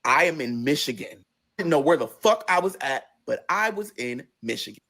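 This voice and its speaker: A man telling a personal story in a casual, profane way, his pitch swinging between low, quiet stretches and high, excited bursts. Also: moderate pace. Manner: acts out quoted voices in a high register.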